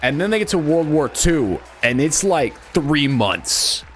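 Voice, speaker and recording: A man's voice: a little high, measured pace, soft background music. A man in his twenties from Missouri, chatting casually and sarcastically with his stream viewers. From Missouri, USA. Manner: animated, joking and sarcastic.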